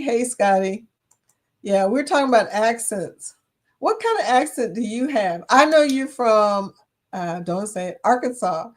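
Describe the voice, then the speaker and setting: A woman's voice: on the high side, expressive, a little slow. A woman with a Kentucky accent hosting a casual livestream chat, chatting away, reading viewer comments aloud and laughing often. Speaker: livestream host.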